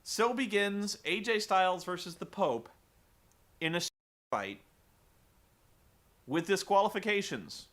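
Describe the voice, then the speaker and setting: A man hosting a casual comedic wrestling recap, animated, laughing and swearing casually. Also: sits high, slow, long pauses.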